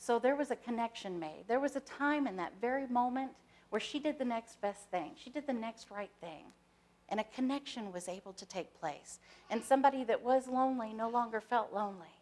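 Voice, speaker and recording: A woman minister giving a sermon, starting with gentle, soft-spoken guided stillness and moving into storytelling. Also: a little high, lively intonation, fairly quick. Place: church sanctuary, stage lights.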